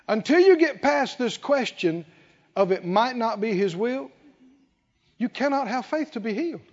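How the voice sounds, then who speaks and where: Preacher, male, very high voice, lively swings, big reverberant hall, dull recording. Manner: emphatic, rhetorical questions, drawn-out stresses. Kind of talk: sermon.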